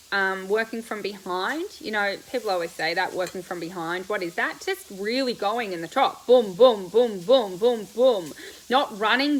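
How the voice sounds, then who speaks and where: Over slight background noise in a rough recording, a woman speaks at medium pitch in a pushed, bright voice. She's hosting a casual live question-and-answer stream from coach, answering viewers as she eats breakfast, chatty and bubbly with quick laughs and loose rambles.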